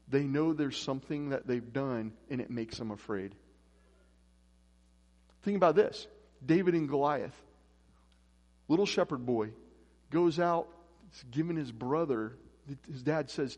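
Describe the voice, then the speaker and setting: A man's voice: mid-range voice, unhurried, long pauses, darkish tone. A man preaching a casual, conversational sermon as pastor, acting out voices in his stories. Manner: conversational, acts out quoted voices. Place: church. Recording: echoey church hall.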